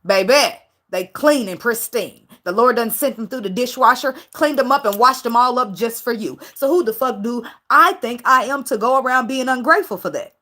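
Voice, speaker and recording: A woman's voice: a little high, normal speed, pushed and bright. A woman tarot reader talking casually to her viewers, preachy and profane, and emotional about her faith. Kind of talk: casual tarot reading monologue.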